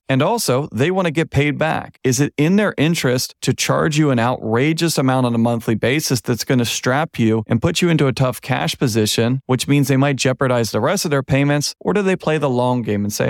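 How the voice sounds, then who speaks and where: A man hosting a podcast, explaining in a blunt, conversational monologue and acting out lenders and borrowers in quick asides. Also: medium pitch, expressive, no room sound, studio quality. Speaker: podcast host.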